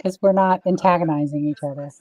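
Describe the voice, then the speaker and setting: A woman's voice: sits low, steady tone, fast talker, darkish tone, rough recording. A chatty, self-deprecating woman hosting a casual livestream chat over a video call. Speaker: event host.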